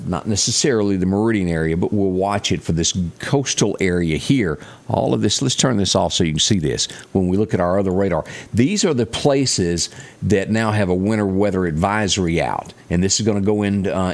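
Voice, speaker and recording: A man's voice: low-pitched, darkish tone. A man with a Mississippi accent presenting a local morning weather report, chatting to viewers with folksy asides. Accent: Southern US, Mississippi.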